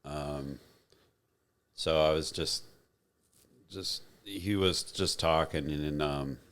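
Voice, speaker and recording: A man co-hosting a podcast in casual chat, retelling conversations in a relaxed, agreeable way. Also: a bass voice, takes it slowly. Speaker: podcast co-host.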